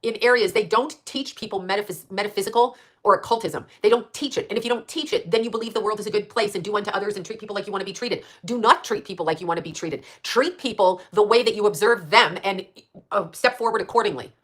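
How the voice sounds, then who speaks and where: A woman's voice: medium pitch, fast, fairly bright tone. A woman hosting a stream, ranting in a rambling, profane monologue full of rhetorical questions.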